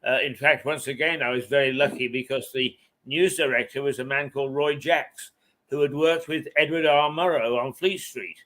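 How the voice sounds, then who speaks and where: An older man reminiscing as an interview guest, halting often and chuckling between his memories. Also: medium pitch, fairly even intonation, pushed and bright. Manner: halting, with frequent hesitations and chuckles. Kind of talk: reminiscing anecdote in conversation.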